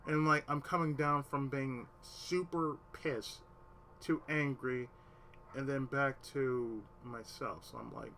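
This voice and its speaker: A man's voice: medium pitch, steady tone, slow pace, gravelly, bright, forceful tone, a little hiss or hum. A man telling a long personal story to his stream in casual, swearing-heavy talk, sometimes dropping to a near whisper to quote himself. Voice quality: swears a lot, drops to a whisper when quoting himself.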